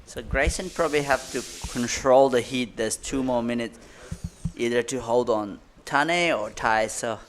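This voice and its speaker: A man commentating live on a surf contest, excitable, in loose, broken phrasing. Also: medium pitch, a little slow, a little hiss or hum.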